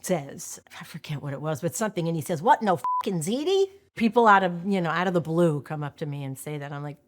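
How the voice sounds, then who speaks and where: Speaking low and quickly over a noisy background, an actress from Long Island, New York, reflects casually in an interview. She's candid, conversational, and self-deprecating, recorded on a close mic.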